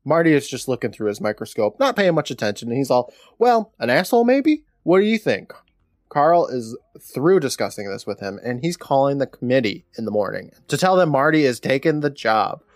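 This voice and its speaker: A man retells a TV episode for his podcast co-host, piling on sarcastic jokes. His pitch swings widely as he talks. The close microphone gives a dry sound with no room echo. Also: lively intonation, brisk, hardly any pauses. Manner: sarcastic, jokey storyteller. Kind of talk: casual episode recap.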